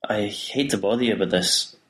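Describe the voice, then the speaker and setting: A man voicing a troubled priest who speaks quietly and subdued. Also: fairly low pitch, fairly quick, natural voice. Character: troubled middle-aged male priest.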